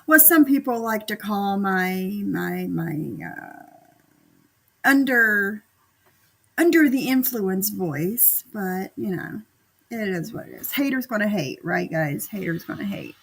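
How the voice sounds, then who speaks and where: A woman's voice: medium pitch, animated, takes it slowly, creaky, fairly bright tone, slightly rough. A woman hosting a livestream, chatting casually and repeating herself as she talks straight to her viewers, still getting over being sick. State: recovering from sickness. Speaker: livestream host. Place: home.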